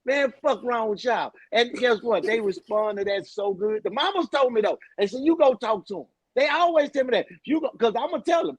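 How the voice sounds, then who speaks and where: A man on a podcast, telling a loud, profane story and acting out the quotes. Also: very high voice, animated, normal speed, few pauses, dry recording. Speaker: podcast co-host. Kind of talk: casual podcast chat.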